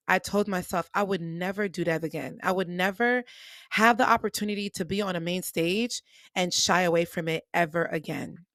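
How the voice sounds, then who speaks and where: A young adult woman hosting a podcast and telling personal stories in a lively way, acting out what people said to her. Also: medium pitch, no room sound. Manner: animated, acts out quoted dialogue. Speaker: podcast host. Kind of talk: personal storytelling monologue.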